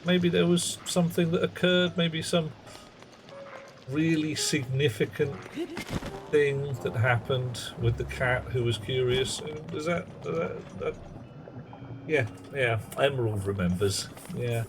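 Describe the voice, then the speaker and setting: A man's voice: medium pitch, measured pace, background noise. A man streaming a game live, rambling through wry, chatty asides to his viewers. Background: game music.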